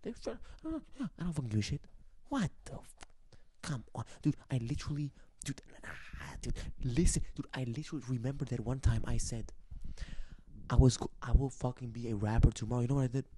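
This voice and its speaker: A man's voice: mid-range voice, mellow, breathy edge, no echo. A young man rambling boastfully to his audience, profane and swaggering, breaking into laughs. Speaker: channel owner ranting to camera.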